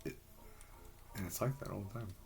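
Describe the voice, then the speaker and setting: A man in a rambling personal monologue, halting and frustrated, swearing heavily as he talks. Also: lowish voice, gravelly, music in the background.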